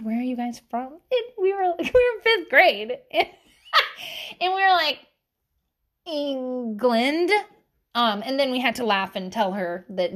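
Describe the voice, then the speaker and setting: A woman in her thirties with a Southern US accent, telling stories in a rambling casual chat with lots of fillers and frequent laughter. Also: mid-range voice.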